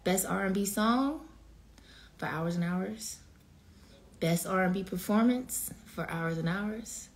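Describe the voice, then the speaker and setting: A woman's voice: mid-range voice, slow, long pauses, slight background noise. Teary woman chatting casually on a livestream. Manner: casual, emotional, holding back tears, reading out viewer names. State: teary, choked up. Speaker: singer addressing livestream viewers. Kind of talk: emotional livestream chat.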